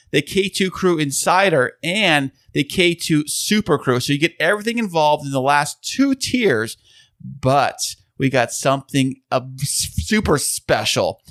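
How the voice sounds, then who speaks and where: A man co-hosting a casual podcast in a home studio, pitching like an infomercial announcer. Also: fairly bright tone, dry recording. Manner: upbeat, pitchman-like delivery. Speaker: podcast co-host. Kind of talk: casual chat, playful sales pitch.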